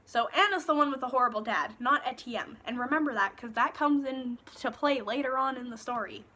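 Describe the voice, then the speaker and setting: High, bright woman ranting sarcastically. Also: fairly quick, slight background noise. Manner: sarcastic, exasperated, swears freely. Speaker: book reviewer. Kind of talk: casual book review rant. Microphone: phone.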